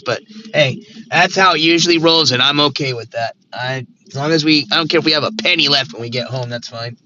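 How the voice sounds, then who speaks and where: A man's voice: medium pitch, a little fast, bright, forceful tone. A man live-streaming while he drives, chatting loosely to his viewers and to himself through a Bluetooth mic in the car. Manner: rambling, talks to himself and chat, playful nonsense words. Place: inside a car. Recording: dull lo-fi stream audio with road noise.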